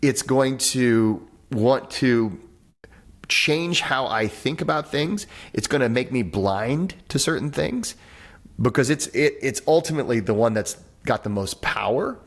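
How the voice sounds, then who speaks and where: A man who teaches breathwork and has written a book speaks as a guest on a podcast over a video call, in a conversational interview. His delivery is medium-pitched and a little slow, full of animated explanation, playful little voices, and frequent sentence restarts.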